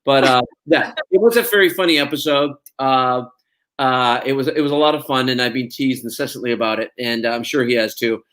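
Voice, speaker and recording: Middle-aged Scottish man, mid-pitched, animated anecdote teller in an interview. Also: a little fast. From Scotland. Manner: animated storyteller, acts out voices in quotes. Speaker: actor guest.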